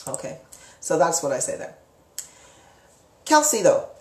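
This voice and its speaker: A woman's voice: sits low, very animated, unhurried, echoey room. A woman hosting a live psychic Q&A, answering viewer comments in a frank, chatty way with casual swearing. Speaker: psychic live-stream host.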